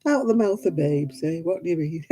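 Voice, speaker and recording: A chatty older woman, her voice husky and mellow as she swoops up and down through her stories. She giggles often while hosting a relaxed crafting session, heard over a home video call. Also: on the low side, moderate pace, low-quality recording. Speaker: craft stream host. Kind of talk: casual chat while crafting.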